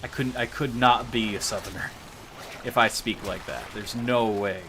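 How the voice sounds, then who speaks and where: A man's voice: mid-range voice, fairly even intonation, moderate pace, background noise. An American man streaming a game, chatting casually in a joking, rambling way with frequent laughs and casual swearing. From United States. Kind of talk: casual gaming livestream chat.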